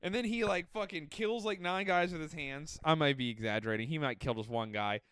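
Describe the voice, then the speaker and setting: A man's voice: fairly high pitch, fairly quick, clean tone, no room sound, clean studio sound. A young man telling a rambling, profane comic story in casual podcast chat. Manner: animated, profane, riffing storyteller. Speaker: podcast participant.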